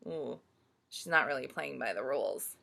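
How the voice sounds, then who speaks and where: A woman storyteller reading a picture book aloud to children, pausing to ask them questions. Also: a bass voice, gravelly. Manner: slow, animated, asks listeners questions.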